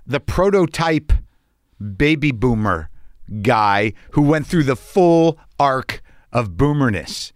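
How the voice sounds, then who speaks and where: A man's voice: fairly high pitch, animated, takes it slowly, no room sound, studio quality. A man in his fifties, hosting a podcast, rambling through a casual, profane, self-deprecating monologue. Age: 50s. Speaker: podcast host.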